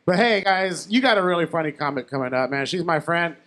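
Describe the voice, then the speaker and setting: A man's voice: on the high side, animated, brisk, a bit bright. A young man doing a casual stand-up comedy set on a bar stage, chatting with the crowd and poking fun at himself. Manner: conversational, self-deprecating, asks the crowd questions. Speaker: stand-up comic. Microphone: handheld stage mic.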